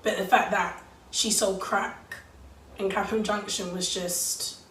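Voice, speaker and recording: A woman speaks hesitantly, as if near tears, pausing often. Her pitch is middling. It is a roomy phone recording from a little way off, with faint hiss. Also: steady tone, a bit bright, recorded from a distance. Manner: fake-tearful, hesitant.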